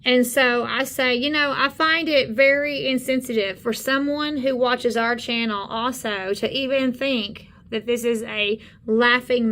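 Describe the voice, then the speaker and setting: A woman, co-hosting a channel, talking indignantly and haltingly in casual commentary on videos. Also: a little high, a bit bright. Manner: indignant, halting with many fillers. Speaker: channel co-host. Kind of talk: casual commentary on screen content.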